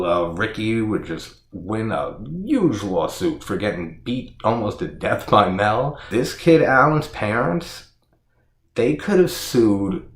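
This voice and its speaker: A man's voice: fairly low pitch, a bit bright. A man ranting through a casual horror movie review, exasperated and profane, laughing often and saying "like" constantly. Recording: echoey room.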